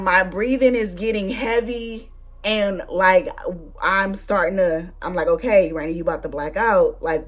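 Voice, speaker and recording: A young woman hosting her own vlog and telling a story in casual, slangy chat. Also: fairly low pitch. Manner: animated, slangy, conversational storytelling. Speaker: booktuber vlog host.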